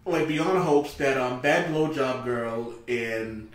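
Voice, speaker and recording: A podcast host tells stories on a casual show, animated and swearing freely as he acts out what people said. His medium-pitched voice moves at a slow pace, recorded a bit off mic in a very echoey room.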